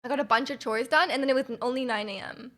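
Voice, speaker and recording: A woman's voice: sits high, fast talker, a bit bright. A young woman livestreamer in casual chat with her viewers, rambling with lots of fillers and giggles.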